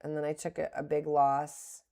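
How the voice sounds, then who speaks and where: A middle-aged woman with a low, gravelly voice talks through her trades live on stream. She thinks aloud as she goes, criticizes herself frankly and laughs things off now and then. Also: completely flat delivery, normal speed, mellow. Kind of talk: live-streamed trading commentary.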